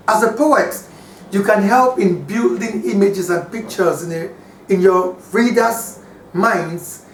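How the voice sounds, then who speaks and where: A man teaching a lesson on poetry, slow and deliberate, repeating key points for his students. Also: sits high. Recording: echoey room, distant mic, faint hiss.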